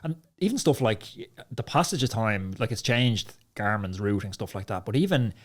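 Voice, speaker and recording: A man hosting a podcast, trading stories in a chatty, enthusiastic way with quick asides. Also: lowish voice, expressive. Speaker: podcast host, former racer. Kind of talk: casual chat.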